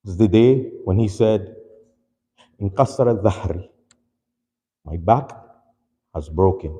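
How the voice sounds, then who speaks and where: A man's voice: deep voice, lively intonation, warm tone. Man preaching with rising passion, hall reverb. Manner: slow, rising, impassioned storytelling; opens with rapid recited Arabic formula. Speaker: speaker at a mourning gathering. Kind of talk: sermon. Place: mosque hall.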